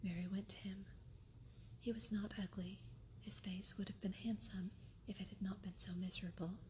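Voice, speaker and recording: A woman reading a story aloud in a soft, unvoiced whisper, as whispered role-play. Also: medium pitch, level tone, moderate pace, a little hiss or hum. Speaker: audiobook reader.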